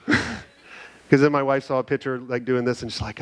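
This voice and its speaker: A middle-aged man giving an energetic, animated conference talk, telling stories and checking in with the crowd with "right?". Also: mid-range voice, a little slow, pauses often, slight background noise. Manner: energetic, animated storytelling with frequent "right?" tags. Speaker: conference speaker. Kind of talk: keynote talk to a live audience. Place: conference hall.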